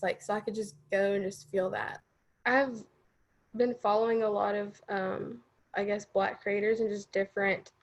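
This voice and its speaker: A woman in an interview telling a personal story in a casual, hesitant way, full of fillers and nervous little laughs. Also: medium pitch.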